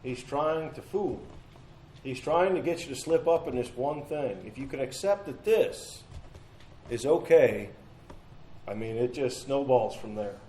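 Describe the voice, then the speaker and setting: A man's voice: mid-range voice, expressive, measured pace, warm tone, roomy sound, a little hiss or hum, rough recording. A man teaching a midweek Bible study in an earnest, conversational way, repeating phrases and asking rhetorical questions, recorded in a church room.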